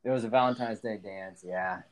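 A man's voice: lowish voice, a little fast. Guy on a podcast rambling through a story, lots of um and like, casual chat. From Illinois. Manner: rambling, many fillers and restarts. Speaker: podcast co-host.

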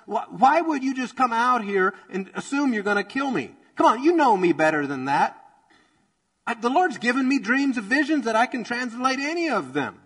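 A preacher playing an indignant young prophet. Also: male voice, very high-pitched, sing-song, moderate pace, fairly bright tone, voice pushed up, full character voice. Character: indignant young male prophet protesting his innocence.

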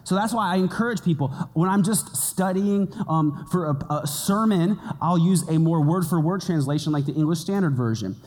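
Conversational pastor in a reverberant hall. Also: male voice, on the high side, moderate pace, few pauses, darkish tone. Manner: conversational, playful asides. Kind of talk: sermon teaching.

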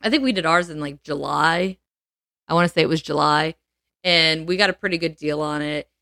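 Brief: young woman podcast host, lowish voice, lively storyteller, dry close mic. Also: brisk, creaky, dry recording. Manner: animated, laughs often, acts out quotes. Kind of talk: casual storytelling chat.

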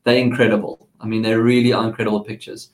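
A man's voice: on the low side, little pitch movement, quick pace, poor audio. Enthusiastic tech talker, man. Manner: enthusiastic, explains gadgets with restarts. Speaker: tech commentator. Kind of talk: casual radio chat.

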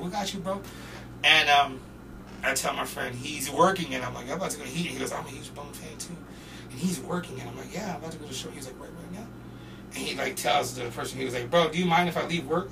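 Raspy high-voiced young man from Portland. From Portland, Oregon. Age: young adult. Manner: loose, profane, animated storyteller who often shouts when quoting people. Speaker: podcast guest, rapper. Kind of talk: casual storytelling. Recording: distant mic with faint noise.

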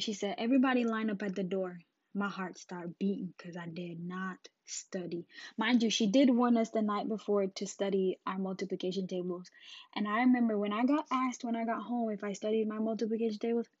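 A woman's voice: medium pitch, dry recording. A woman hosting a podcast, telling a personal story casually and animatedly, acting out the scenes. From Jamaica. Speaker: podcast host. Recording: dull lo-fi dry recording.

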